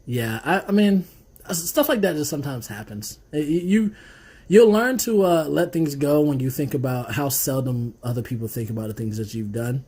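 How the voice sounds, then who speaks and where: Husky laid-back podcast guy. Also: mid-range voice, expressive, normal speed, a little mellow. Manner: laid-back, swearing, laughs often. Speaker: podcast co-host. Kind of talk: casual chat.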